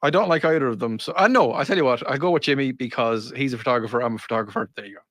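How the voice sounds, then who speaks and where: A man's voice: mid-range voice, rapid-fire, a bit bright, no echo, studio quality. Wisecracking male co-host. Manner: wisecracking, offbeat quips. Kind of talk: casual chat.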